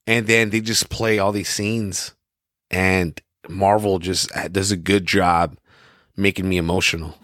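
A man's voice: deep voice, flat delivery, a little slow, a bit bright, dry recording. Male podcast co-host, easygoing and keen, dry and close. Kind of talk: casual chat.

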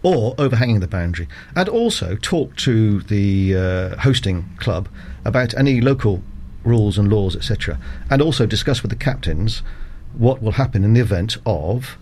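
A middle-aged man, a cricket umpire guest on a radio interview, explaining rules in a measured, methodical way with frequent ums and uhs. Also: lowish voice, lively intonation, a little mellow, a little hiss or hum.

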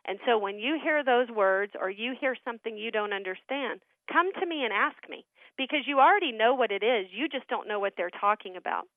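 A woman's voice: on the high side, fairly quick, dry recording. Earnest woman on a tinny phone line. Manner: earnest, animated storytelling. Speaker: guest, ministry founder. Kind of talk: storytelling in a radio interview.

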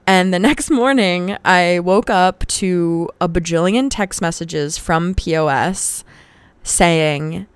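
A woman's voice: on the low side, slow, smooth, no echo. A woman hosting a podcast who tells a personal story in a candid, casual way and swears freely. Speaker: podcast host.

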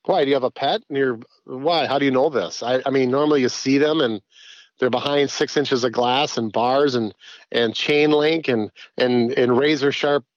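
A man's voice: medium pitch, moderate pace, dry recording. Man, podcast guest, chatty rambler, dry slightly lo-fi sound. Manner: rambling, animated, many restarts. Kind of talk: casual podcast chat.

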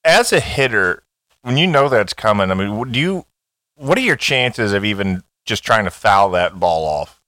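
Low-voiced joking podcast co-host man. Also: big pitch swings, normal speed, bright, forceful tone, dry recording. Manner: joking, easily amused, jumps to high pitch when surprised. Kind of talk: casual sports chat.

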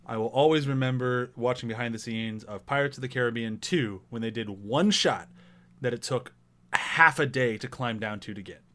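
A man hosting a casual movie review chat, animated, laughing often and leaning on fillers. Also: medium pitch, moderate pace. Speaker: podcast host.

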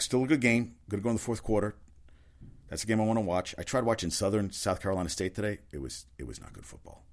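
Deep-voiced rambling sports talker. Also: male voice. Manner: rambling, opinionated, frequent fillers and restarts. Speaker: sports talk host. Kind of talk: casual solo sports rundown.

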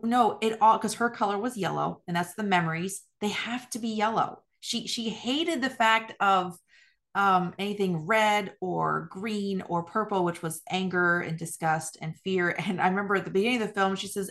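A woman's voice: medium pitch, normal speed, a bit bright. Agreeable woman host in conversation. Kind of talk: casual faith conversation.

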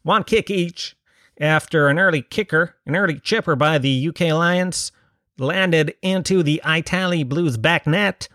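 A man putting on the voice of a clueless American man reporting on soccer, drawling his mangled sports jargon like a slow announcer. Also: on the high side, bright, forceful tone, no room sound, studio quality, pitched above the performer's own voice. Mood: mock-announcing. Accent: put-on American.

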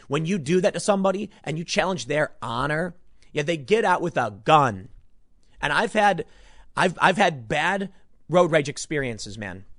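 Man from Chicago, solo commentator, emphatic and rambling, lively pitch, dry close sound. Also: no room sound. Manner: emphatic, rambling, repeats words. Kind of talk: opinionated news commentary monologue.

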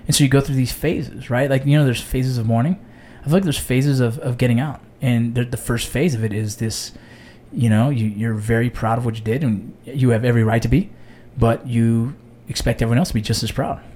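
A man's voice: medium pitch, a little fast, slight background noise. A man in his thirties, an army veteran hosting a casual chat, blunt and profane, telling stories with animation. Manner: blunt, swears a lot, animated storytelling. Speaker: podcast host, army veteran.

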